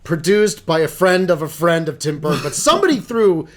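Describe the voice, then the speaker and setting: A man co-hosting a casual podcast chat, telling movie stories with big playful jumps in his voice. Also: brisk. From Illinois, USA. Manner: animated storyteller, jumps pitch when joking. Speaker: podcast co-host.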